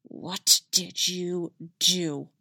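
A woman voicing a cold, menacing female dark warrior, speaking slowly, low and quietly. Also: animated, gravelly, dry recording, studio quality, full character voice. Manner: slow, low, quiet and threatening.

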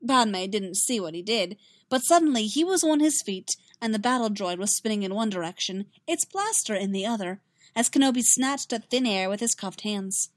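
A woman narrating a science fiction story in a steady, expressive reading. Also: mid-range voice, normal speed, no echo, studio quality. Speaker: reader. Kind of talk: fan fiction audiobook narration.

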